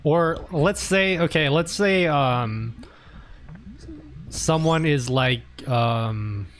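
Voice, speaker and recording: Slow-talking Australian man. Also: fairly high pitch, slight background noise. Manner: relaxed, rambling, many fillers and throat clearing. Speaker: game streamer. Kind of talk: casual chat while playing.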